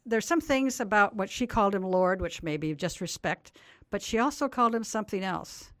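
A woman's voice: medium pitch, lively intonation, moderate pace, no room sound. An older woman, a Bible teacher, explaining a scripture story earnestly as a guest on a talk program. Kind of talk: radio interview, storytelling.

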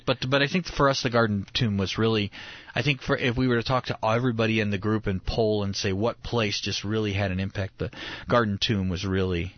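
A man's voice: on the low side, a little fast, dry recording, dull audio. A man in casual conversation about faith, telling stories in an earnest way, often restarting his sentences. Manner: earnest, animated storytelling with restarts.

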